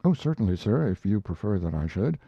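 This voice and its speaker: Man putting on a high, fawning old clerk, fussy and deferential, storybook reading. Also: very animated, a little fast, dark tone, husky, no room sound, heavily acted. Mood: obsequious. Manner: obsequious, fussy. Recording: dull lo-fi recording.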